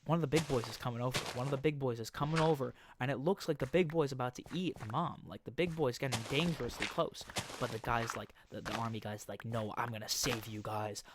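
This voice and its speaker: Young male gaming vlogger, mid-pitched, rambling and jokey, noisy home recording. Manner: rambling, joking storytelling with quick mock voices. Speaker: gaming YouTuber. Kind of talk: casual game commentary.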